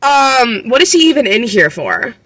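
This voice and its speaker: A woman's voice: fairly high pitch, huge pitch swings, moderate pace, a bit bright, no room sound. A woman in her twenties recapping a book casually, chatty and incredulous, full of fillers and swearing. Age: 20s. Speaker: book vlogger.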